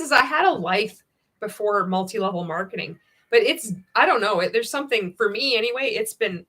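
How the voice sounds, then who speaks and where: A woman hosts a loose, chatty livestream and reads viewer comments aloud as she goes. Her talk is sarcastic and full of swearing, with frequent laughter mixed in. Her voice sits at an ordinary middle pitch for a woman. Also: expressive, moderate pace, a bit bright. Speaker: livestream host. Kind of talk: casual livestream chat reading viewer comments.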